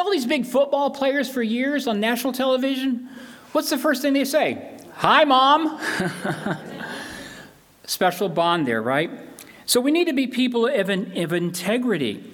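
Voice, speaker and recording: A man's voice: high-pitched, a bit bright. An older man preaching a sermon as pastor, earnest and emphatic, repeating key phrases.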